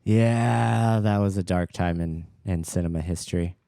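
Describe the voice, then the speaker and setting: A man's voice: deep voice, measured pace, gravelly, warm tone, dry recording. A man co-hosting a podcast with dry, laid-back humor and frequent laughs. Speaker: podcast co-host. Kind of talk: casual podcast banter.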